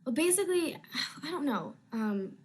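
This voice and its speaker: A woman's voice: high voice, big pitch swings, moderate pace. A young woman actress chatting casually on a live video stream from home, answering fan questions in a rambling, easily sidetracked way.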